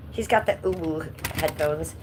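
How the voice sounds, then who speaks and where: Woman, livestreamer, casual chat, blunt and sweary, fairly low voice, handheld phone, faint background noise. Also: unhurried. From Cleveland, US. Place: at home, stepping outside in the cold. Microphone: phone held by hand.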